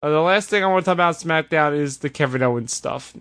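A man hosting a casual podcast, recapping events in an animated, sarcastic way. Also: on the high side, fast. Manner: animated, sarcastic retelling with put-on voices. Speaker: podcast host. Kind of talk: casual wrestling recap chat.

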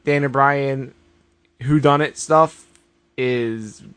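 A man's voice: medium pitch, fairly even intonation, drawn-out words, fairly bright tone, clean tone, no echo. Dry-sounding man riffing on wrestling. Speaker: podcast co-host. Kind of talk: casual wrestling chat.

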